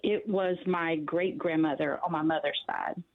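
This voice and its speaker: An older woman calling in to a radio show, telling her story in an earnest, measured way. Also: deep voice, steady tone. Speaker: caller. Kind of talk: call-in radio chat. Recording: tinny phone line.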